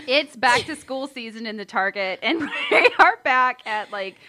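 A woman's voice: on the high side, animated, measured pace, pushed and bright, a little hiss or hum. A middle-aged woman hosting a casual chat, telling a story and breaking into laughter. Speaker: host.

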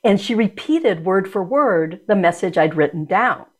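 A woman's voice: medium pitch, expressive, normal speed. A woman being interviewed as an energy medicine practitioner, speaking in a reflective, searching way with frequent restarts. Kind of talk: conversational interview.

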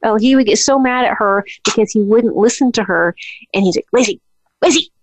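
A woman's voice: medium pitch, fairly quick, no room sound, poor audio. A woman chatting casually about family memories, with frequent restarts. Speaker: daughter of the family. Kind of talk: casual reminiscing.

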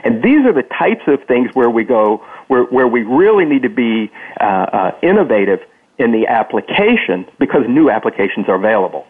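A man's voice: medium pitch, very animated, moderate pace, slightly rough. A man speaking as a guest on a panel discussion, stumbling over words as he explains. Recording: tinny phone line.

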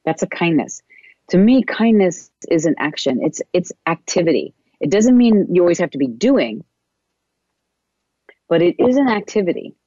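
This wellness coach rambles casually about spiritual self-help, using plenty of pauses and filler words. Her mid-pitched voice is mellow yet swings widely in pitch. The audio comes across as muffled and dull, dry and close-miked, with no room sound at all.

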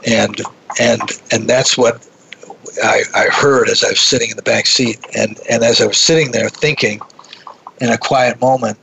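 Gravelly, bright-voiced man telling a story. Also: mid-range voice, normal speed, poor audio. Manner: animated, with frequent restarts. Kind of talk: conversational storytelling.

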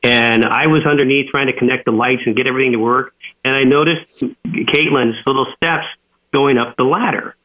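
A man calling into a radio interview, sharing stories with animated energy and acting out the lines he quotes. His voice sits at an ordinary middle pitch. The sound comes through a thin, tinny phone line. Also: moderate pace. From California. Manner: animated storyteller who acts out quoted dialogue. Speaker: guest author.

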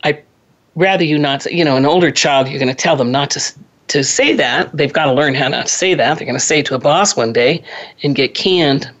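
Casting: low-pitched woman, family counselor, earnest advice-giving, slightly dull lo-fi recording. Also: brisk. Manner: earnest, advising, with occasional throat clearing. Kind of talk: radio advice talk.

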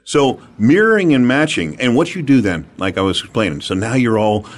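A man from the United States, an animated and emphatic storyteller, giving sales advice as an interview guest. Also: mid-range voice, brisk.

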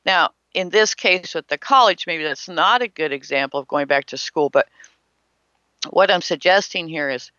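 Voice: mid-range voice, moderate pace, pushed and bright, dry recording. A spiritual teacher giving an emphatic motivational talk, asking rhetorical questions and acting out imagined people. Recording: slightly muffled, dry.

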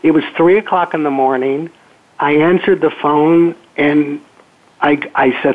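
Older man telling stories over a phone line. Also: on the high side. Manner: relaxed anecdotal storyteller, halting with fillers. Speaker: actor guest. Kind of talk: storytelling interview. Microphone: telephone.

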